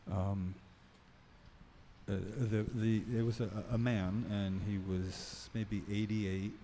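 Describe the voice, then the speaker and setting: Mellow, low male podcast host, halting delivery, faint noise. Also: level tone. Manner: halting, many fillers. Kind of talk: podcast conversation.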